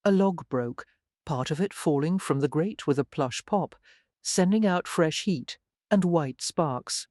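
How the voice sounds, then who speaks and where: A woman reading a historical romance audiobook in smooth, even scripted narration. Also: low voice, measured pace, no echo, studio quality.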